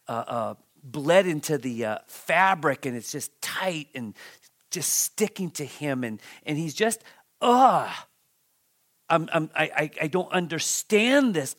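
A man preaching a Bible-teaching sermon, dramatic and halting, repeating words and restarting as he swings between loud outbursts and hushed near-whispers. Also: medium pitch. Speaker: pastor.

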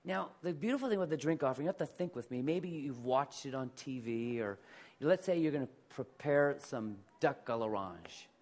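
A man's voice: mid-range voice, expressive, normal speed, a little mellow. A middle-aged male pastor preaching a sermon in a conversational way, asking the congregation to repeat words after him.

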